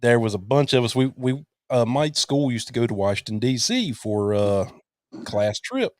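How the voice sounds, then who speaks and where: A male podcast host chats casually with his guest, joking and poking fun at himself. He speaks at a middle pitch. The sound is dry and close. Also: expressive, normal speed, darkish tone, no room sound. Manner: jokey and self-mocking, laughing often. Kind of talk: casual interview chat.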